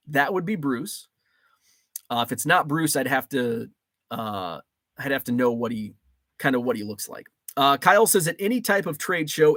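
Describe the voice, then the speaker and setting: A man's voice: on the high side, fairly bright tone, dry recording. Chatty man reading viewer comments. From Illinois. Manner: chatty, rambling, with frequent ums and restarts. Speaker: livestream host. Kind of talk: casual livestream chat, reading viewer comments aloud.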